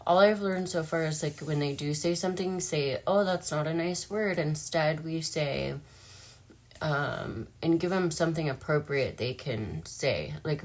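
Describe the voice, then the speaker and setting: A young woman talking casually and emotionally in a personal vlog, chatty and full of fillers. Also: low-pitched. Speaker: vlogger.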